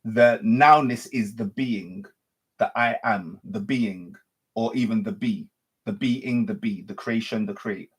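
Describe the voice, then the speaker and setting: Husky-voiced man musing on spirituality. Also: fairly low pitch, a little slow. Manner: repetitive, circling phrasing with frequent self-corrections. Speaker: spiritual teacher. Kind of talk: unscripted spiritual monologue.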